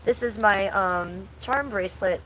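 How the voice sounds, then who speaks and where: A woman's voice: mid-range voice, measured pace, fairly bright tone, a little hiss or hum, rough recording. A woman in her forties hosting a casual livestream from home, chatting bluntly and crudely while reading chat aloud. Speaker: livestream host.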